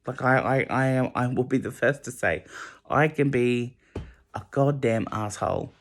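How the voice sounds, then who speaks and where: Young guy rambling on camera late at night, emotional, stumbles and restarts a lot, mid pitched voice. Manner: emotional, halting, many restarts. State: emotional, close to tears. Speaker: vlogger.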